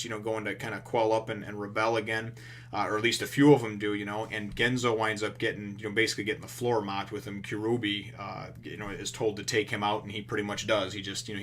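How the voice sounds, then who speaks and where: A man retells a manga chapter in a loose, rambling way, leaning on fillers and dropping the odd curse. His voice sits a little low but comes across bright and forceful. It sounds like a casual review. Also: fast, slight background noise. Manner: rambling, heavy on fillers and restarts; profane, relaxed retelling.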